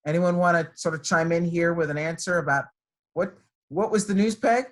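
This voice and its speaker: A middle-aged woman, a guest speaker addressing students over a video call from her computer, warm and encouraging as she tells stories. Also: lowish voice, fairly even intonation, normal speed. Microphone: computer microphone on a video call.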